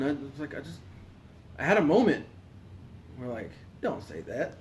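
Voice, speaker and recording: A man co-hosting a podcast, telling a story in an animated, profane way, laughing and acting out what people said. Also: on the high side, normal speed, reverberant, slight background noise. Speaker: podcast co-host. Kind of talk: casual storytelling among friends.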